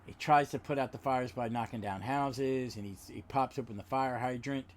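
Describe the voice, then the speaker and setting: A man hosting a podcast, retelling a comic book plot in a rambling, halting way with many restarts. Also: medium pitch, a little hiss or hum. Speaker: podcast host. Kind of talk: casual comic book recap.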